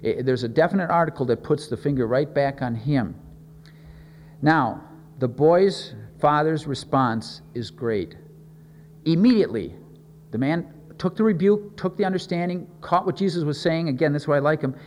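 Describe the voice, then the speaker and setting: A man's voice: fairly high pitch, normal speed, long reverb tail, a little hiss or hum. A man preaching a sermon in an earnest way, often repeating words as he thinks and leaning on key words.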